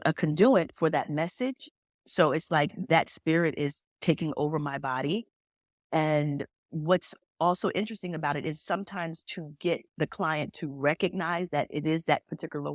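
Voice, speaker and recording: A woman's voice: low voice, no echo, studio quality. A woman talking as a medium and podcast guest, telling stories and acting out the dialogue in them. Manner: animated storyteller who acts out quoted dialogue. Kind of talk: storytelling conversation.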